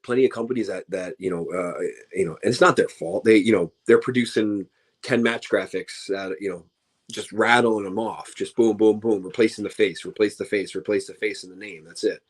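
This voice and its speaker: A man's voice: lowish voice, moderate pace, breathy edge. A man, a professional wrestler, chatting casually as an interview guest, tired and rambling with many restarts and fillers. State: tired, yawning.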